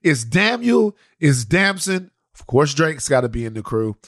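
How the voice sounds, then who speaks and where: Lively animated man chatting. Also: on the high side, unhurried, no room sound, clean studio sound. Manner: animated storytelling, lots of restarts and "you know". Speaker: podcast co-host. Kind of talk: casual chat.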